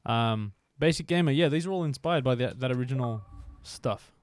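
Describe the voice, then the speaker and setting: A man's voice: medium pitch, fairly quick, smooth, no room sound. A man streaming a video game live, chatting casually and thinking aloud with fillers, from Australia.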